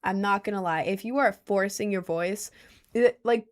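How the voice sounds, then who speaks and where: A woman's voice: medium pitch, normal speed. A young woman in her late teens chatting casually to viewers, rambling with lots of fillers and wearing headphones with a mic. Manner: chatty, many "like" fillers, laughs at herself.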